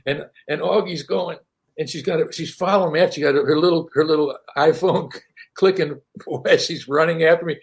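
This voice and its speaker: An older man, a singer-songwriter, telling stories casually as an interview guest, animated, laughing often and repeating words. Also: a little high, normal speed, creaky. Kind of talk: casual storytelling.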